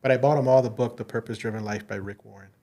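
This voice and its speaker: A man's voice: mid-range voice, steady tone, very fast, mellow. A man with a mid-range voice telling faith-filled stories as a podcast guest. He talks earnestly, with restarts and plenty of fillers, into a studio mic. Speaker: podcast guest, insurance agency owner. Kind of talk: casual interview storytelling.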